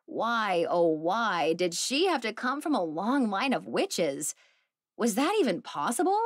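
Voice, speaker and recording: A woman narrating a cozy mystery audiobook in an expressive storytelling manner. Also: medium pitch, unhurried, no echo, studio quality. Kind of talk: scripted narration.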